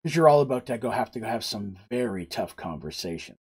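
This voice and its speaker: A man voicing a tough, knuckle-cracking young woman from a tabletop tale. Her remarks are wry and dry, in a husky voice. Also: lowish voice, animated, fairly quick, voice pushed down.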